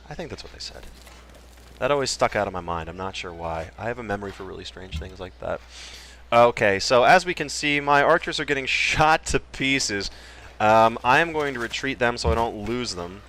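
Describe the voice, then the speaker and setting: A man's voice: medium pitch, a bit bright, slight background noise. A man hosting a casual Let's Play, cracking jokes and trailing off into mumbled asides as he explains his moves. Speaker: gaming channel host.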